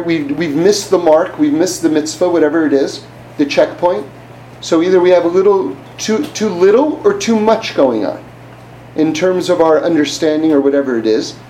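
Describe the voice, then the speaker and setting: Guy w a high voice teaching torah casually, lots of rhetorical questions, faint hiss behind. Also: a little mellow, poor audio. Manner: conversational, asks the listener rhetorical questions. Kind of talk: informal religious class.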